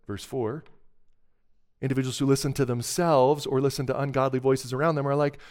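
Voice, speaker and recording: A man's voice: medium pitch, steady tone, brisk, darkish tone. A middle-aged man preaching a sermon as pastor, talking in a conversational, earnest way and breaking into emphatic bursts.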